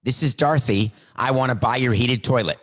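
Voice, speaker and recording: A man voicing a naive male customer who insists on his house's worth, a bit higher than his usual voice. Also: a little fast, a bit bright, natural voice. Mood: insistent. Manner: insistent, self-satisfied.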